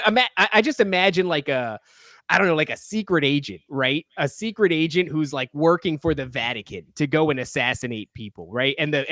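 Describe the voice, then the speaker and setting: Podcast guest, thirties man: heated, profane, rambling rant, fairly high voice, dry close sound. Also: a bit bright, no room sound. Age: 30s.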